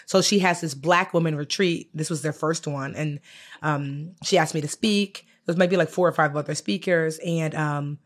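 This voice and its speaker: Animated woman storytelling on a podcast. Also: deep voice, normal speed. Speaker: podcast co-host. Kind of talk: casual chat. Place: studio.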